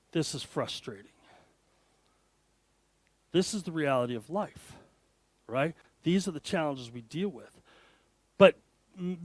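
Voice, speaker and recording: A man's voice: sits high, dry recording. A middle-aged man giving a motivational conference talk, telling humorous self-deprecating stories. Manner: storytelling, self-deprecating jokes, lively delivery. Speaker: conference speaker.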